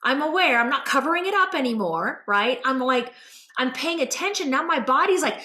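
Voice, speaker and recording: A woman hosting a show, telling a personal story in a casual, animated, rambling way with many fillers. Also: sits high, fairly quick. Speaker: host. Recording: roomy echo.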